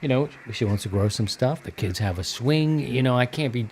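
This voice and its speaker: A man's voice: mid-range voice, animated, a little fast, darkish tone, slight background noise. A man hosting a radio-hobby podcast in a loose, rambling, casual chat with many fillers. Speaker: podcast host.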